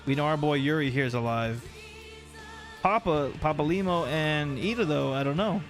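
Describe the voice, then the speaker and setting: Animated young male game streamer. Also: on the high side, normal speed, soft background music. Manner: animated, joking, recapping story beats. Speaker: livestreamer. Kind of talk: casual game stream commentary.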